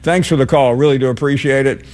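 Measured male sports radio host. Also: mid-range voice. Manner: measured, relaxed, frequent uh fillers. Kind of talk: call-in radio talk.

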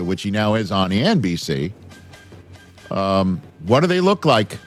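Male sports talk host, lively pitch swings, jokey and animated, some music in the background. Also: measured pace. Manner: animated, joking, laughs often.

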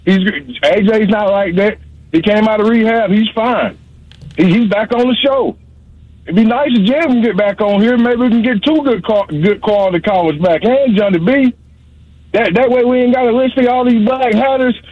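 A man's voice: high voice, moderate pace, no room sound. A man calling in to a radio show, teasing and rambling in slang. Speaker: caller. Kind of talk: call-in radio banter. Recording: dull, dry phone-line sound.

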